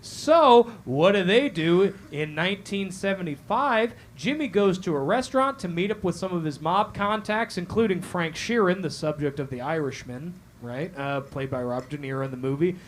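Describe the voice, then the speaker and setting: A man hosting a comedic true-crime show before a live café crowd, loud and animated, swearing and asking "all right?" again and again. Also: sits high, normal speed, hardly any pauses, slight background noise. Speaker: host.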